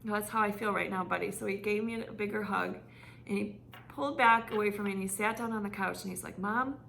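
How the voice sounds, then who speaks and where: A middle-aged woman, an online fitness coach, giving her members a heartfelt update and telling a personal story in an earnest, gently emotional way. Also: mid-range voice, steady tone, fast, gravelly, a little hiss or hum.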